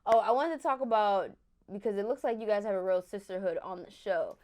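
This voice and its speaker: A woman's voice: medium pitch, brisk, darkish tone. A woman hosting a casual interview, blunt and laid-back, laughing easily. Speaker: podcast host.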